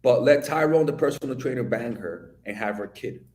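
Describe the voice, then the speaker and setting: Blunt, lively man in a roomy room. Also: medium pitch, a little fast, very noisy. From Dominican Republic. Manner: blunt, profane, animated storytelling. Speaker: video commentator. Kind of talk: opinion commentary monologue.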